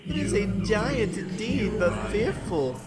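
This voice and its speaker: A man's voice: high voice, big pitch swings, over loud music, pitched above the performer's own voice. A man intoning a solemn ancient spirit. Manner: slow, drawn-out, grandly intoned. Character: solemn ancient disembodied spirit giving commands.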